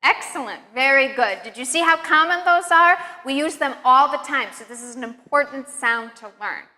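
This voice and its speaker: A woman teaching English pronunciation, speaking words slowly and with exaggerated care, and praising the learner between drills. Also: sits high, bright, forceful tone. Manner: slow, exaggerated drills with clear encouragement. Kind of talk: pronunciation lesson. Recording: long hall reverb.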